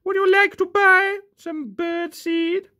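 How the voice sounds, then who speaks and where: Bird voice, very high, squeaky, silly, cheeky. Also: male voice, steady tone, takes it slowly, bright, forceful tone, heavily acted. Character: chirpy bird selling birdseed.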